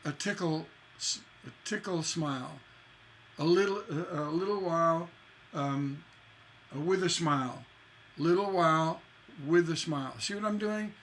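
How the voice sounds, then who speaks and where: A man's voice: on the high side, measured pace, fairly bright tone, slight background noise. A man teaching a songwriting lesson in a chatty way, scatting rhythms with "da da da" to show the stresses.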